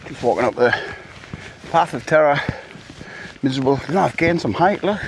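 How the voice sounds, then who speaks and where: Strolling woodland and coastal paths, a middle-aged man vlogs casually to camera, wandering off topic with joking asides. He sounds animated, mid-range in pitch, and moderately paced, against a noisy background.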